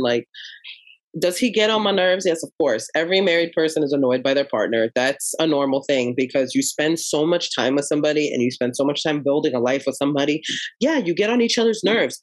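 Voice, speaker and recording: Animated woman comedian, dry close sound. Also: low voice, dry recording, rough recording. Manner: animated storyteller acting out quotes. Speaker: comedian guest. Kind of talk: casual interview chat.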